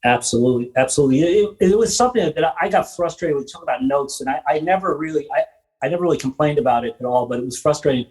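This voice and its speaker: A man hosting a podcast, telling rambling stories from his work as a theater drummer and quoting other people with animated voices. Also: on the high side, racing, poor audio. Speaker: podcast host and Broadway drummer. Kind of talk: casual interview chat.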